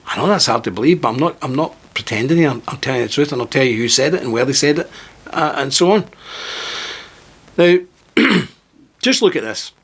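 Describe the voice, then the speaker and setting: A man's voice: lively intonation, fairly quick, long pauses, fairly bright tone, breathy edge. Indignant man ranting to camera. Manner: emphatic, indignant, with sudden rises in pitch; partly reading aloud from a script. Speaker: political video host. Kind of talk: heated to-camera monologue.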